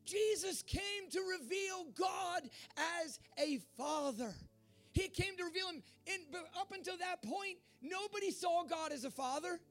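A man preaching a sermon in a fervent way, at times rising to shouts. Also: extremely high pitch, a little slow, soft background music. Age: adult.

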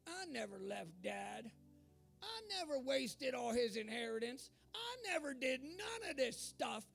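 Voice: sits high, big pitch swings, unhurried, vocal fry, a bit bright, slightly rough, soft background music, full character voice. A preacher acting out an indignant older brother complaining about his father. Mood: resentful.

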